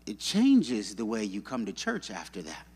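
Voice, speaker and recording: Male pastor, lively sing-song sermon delivery, fairly high voice, playful acted-out quotes, recorded with long hall reverb. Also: normal speed, husky. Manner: animated storytelling with acted-out quotes.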